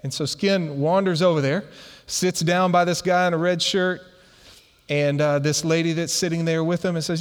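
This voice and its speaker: A lively male pastor tells a story in the middle of a sermon, chuckling as he goes. His voice sits a little on the high side, and it rings with a long reverb, as in a big hall. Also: moderate pace, smooth. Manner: animated storyteller who laughs through his anecdotes.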